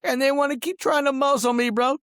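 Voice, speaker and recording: A man's voice: very high-pitched, fairly even intonation, fairly quick, a bit bright, no echo, studio quality. A man in a rambling, angry vlog rant, boastful, smoking a cigar as he talks and saying "bro" and "dog" at every turn. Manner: smoking a cigar while talking. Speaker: vlogger.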